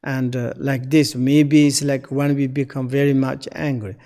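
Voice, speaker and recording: A man giving a Dharma teaching in halting, non-native English. He pauses often with fillers while searching for words. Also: mid-range voice, level tone, warm tone, long reverb tail. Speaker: Buddhist teacher.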